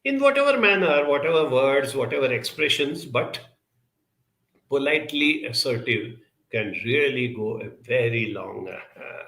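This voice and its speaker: A man answers audience questions in an earnest, measured advisory talk and stacks up his points one after another. His voice is bright and edged with a gravelly rasp. The sound carries a noticeable room echo. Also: mid-range voice, animated. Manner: measured, earnest, builds lists with many pauses and fillers. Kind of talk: advisory talk on relationships and emotions. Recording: echoey room.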